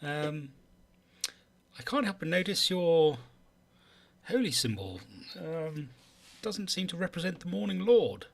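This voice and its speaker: A man's voice: on the high side, very animated, unhurried, vocal fry, long pauses. A man speaking in character as a player in a tabletop game, hesitant and polite. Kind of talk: in-character tabletop role-play.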